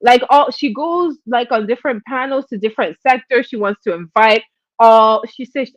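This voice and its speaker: A woman hosting a live stream, telling gossip in a chatty, animated way and acting out quotes. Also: on the high side, moderate pace, dry recording, lo-fi sound. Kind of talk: casual gossip commentary.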